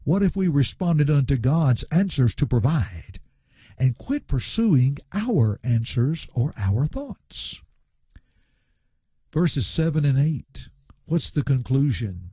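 Preacher, man, slow deliberate delivery with a lively, rising-and-falling pitch and mellow tone; earnest Bible teaching. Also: husky, no echo, clean studio sound. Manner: slow, earnest, reads scripture aloud and explains words.

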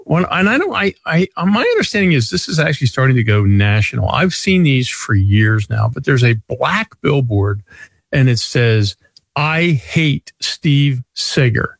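A man's voice: mid-range voice, very animated, normal speed, vocal fry, husky, dry recording. A man in his sixties hosting a radio talk show, a chatty, self-deprecating storyteller. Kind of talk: casual radio chat.

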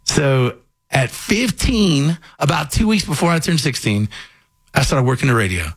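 An animated male radio host from Kentucky with a faint Southern accent, spinning a story in casual studio chat. His pitch sits mid-range, and he slips into other people's voices as he tells it. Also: normal speed, slightly rough, dry recording.

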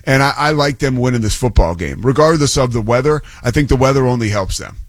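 A man's voice: medium pitch, expressive, quick pace, no echo. A man who works as a play-by-play broadcaster, talking college football as a guest on a sports radio show, chatty and enthusiastic. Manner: chatty, enthusiastic, loose with fillers. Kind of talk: sports talk radio banter.

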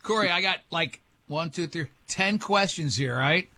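Male radio host, slightly high voice, bright and forceful tone, rambling animated storyteller, acts out other people's lines. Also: a little slow, dry recording.

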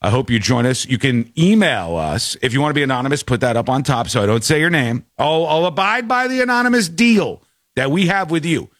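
Man, talk show host, lively swooping pitch, dry close sound, rambling animated chat. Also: dry recording. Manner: animated, rambling storyteller with quick asides.

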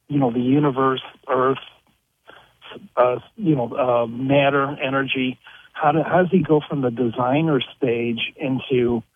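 A man calling in to a radio show, rambling and halting as he searches for words. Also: mid-range voice, husky, no room sound. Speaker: caller. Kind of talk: call-in radio question. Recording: tinny phone line.

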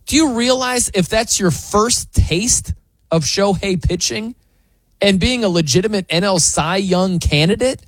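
A man's voice: high voice, a little slow, no echo. A man hosting a sports talk show, ranting in disbelief as he argues his opinions. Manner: animated, incredulous ranting.

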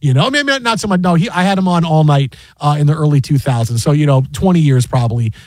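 High-voiced man telling a story on sports radio. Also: quick pace, dry recording, studio quality. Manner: animated storyteller who acts out quotes and laughs often. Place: radio studio. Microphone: studio microphone.

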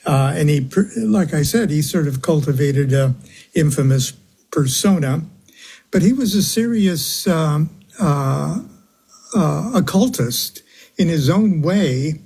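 A man speaking as a guest on a radio interview, halting, with many fillers and small chuckles. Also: on the high side, animated, creaky, warm tone, slightly rough.

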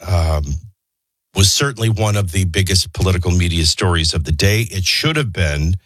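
A man's voice: low-pitched, fairly bright tone, no echo. A man hosting a morning radio show, reading the news with opinionated, sardonic asides. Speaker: radio talk show host.

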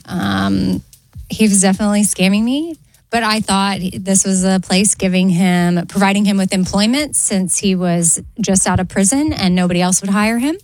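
A woman co-hosting a casual talk show, chatty and quick to laugh. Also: medium pitch, darkish tone, no room sound, poor audio. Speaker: co-host. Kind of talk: casual chat.

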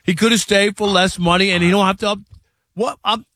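A man's voice: high voice, steady tone, fairly quick, a bit bright, no room sound. A man co-hosting a sports radio show, pressing his partner with incredulous questions. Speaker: co-host.

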